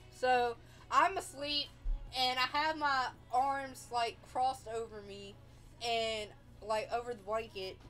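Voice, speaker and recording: A woman's voice: fairly high pitch, fairly bright tone. A young woman hosting a livestream, telling a personal story in a rambling, casual way and acting out the dialogue. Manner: rambling, acts out quoted dialogue. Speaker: livestream host.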